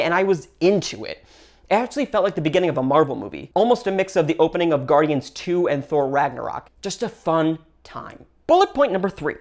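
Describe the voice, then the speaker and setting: A woman hosting her own channel, giving an upbeat solo movie review with lively swings in her voice. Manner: gushing and upbeat, with big pitch swings between phrases. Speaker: film reviewer and channel host.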